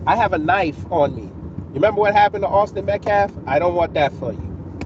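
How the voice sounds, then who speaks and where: New male streamer, taunting and coolly threatening, set back from a muffled mic with clear background noise behind. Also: high-pitched, a little fast, recorded from a distance. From New York City. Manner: taunting, mocking, calmly menacing. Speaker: livestream host answering chat. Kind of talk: casual live-stream roasting.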